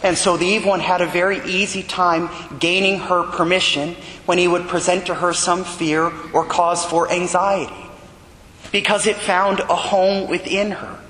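A man, a Catholic priest, preaching a sermon with earnest storytelling. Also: moderate pace. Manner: earnest storytelling preacher, rising animated when retelling dialogue. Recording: echoey church hall with long reverb and faint rumble.

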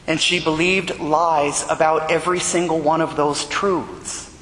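A man, a Catholic priest, preaching a sermon with earnest storytelling. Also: a little slow. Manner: earnest storytelling preacher, rising animated when retelling dialogue. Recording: echoey church hall with long reverb and faint rumble.

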